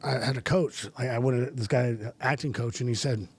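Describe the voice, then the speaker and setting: A man's voice: medium pitch, steady tone, brisk, husky. A middle-aged man tells stories as a podcast guest, circling back and restarting his sentences. He laughs often as he goes, loose and conversational. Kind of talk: casual storytelling.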